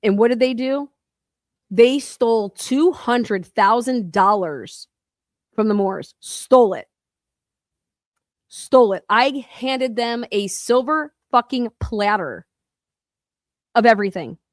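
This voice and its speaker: A woman's voice: on the high side, lively intonation, slow, dry recording. Furious profane woman ranting into a dry mic. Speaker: podcast host. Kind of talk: angry monologue.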